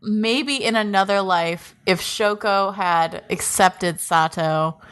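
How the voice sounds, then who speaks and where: A woman's voice: medium pitch, takes it slowly, fairly bright tone, clean tone. A woman co-hosting a podcast, recapping at length in casual chat with many "like"s. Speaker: podcast co-host.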